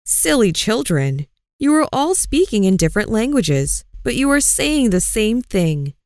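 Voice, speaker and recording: A woman voicing a wise old male sage in a storybook reading, speaking with calm authority. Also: a little high, measured pace, no echo, studio quality. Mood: assured.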